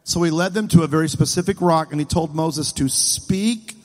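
A male preacher delivers a sermon with playful, animated storytelling and asks his listeners questions. His voice sits high for a man. A long reverb rings around him in the hall. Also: normal speed.

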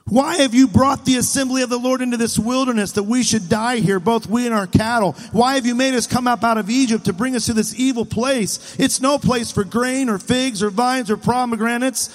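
A man voicing a whining crowd of thirsty wanderers, complaining in a high nasal moan. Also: steady tone, brisk, few pauses. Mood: whiny. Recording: long hall reverb.

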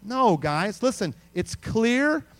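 Animated, high-voiced male pastor preaching. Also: takes it slowly. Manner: animated, repeats words, calls on the congregation. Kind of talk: sermon.

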